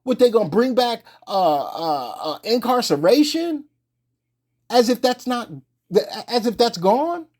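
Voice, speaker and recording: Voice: mid-range voice, a little mellow. A religious teacher giving an informal sermon in colloquial speech, emphatic and repetitive, firing off rhetorical questions and restarting phrases.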